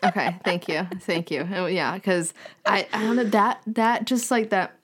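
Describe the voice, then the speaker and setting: A young Southern woman co-hosts a podcast in casual chat, laughing often and restarting her sentences. Her mid-range voice is husky and fairly bright, steady in tone, at a normal speed.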